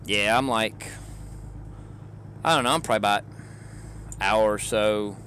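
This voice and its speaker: Low-voiced Southern man, easygoing stream chat. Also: measured pace, a little hiss or hum. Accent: Southern US, Georgia. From Georgia, US. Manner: relaxed, rambling, chuckles often. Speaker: live streamer. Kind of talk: casual chat with stream viewers. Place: in a car.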